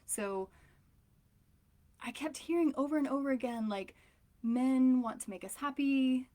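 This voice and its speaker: A woman's voice: medium pitch, darkish tone. A woman in her thirties, a relationship coach, talking candidly and emotionally, rambling with frequent fillers. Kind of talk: casual personal talk to camera.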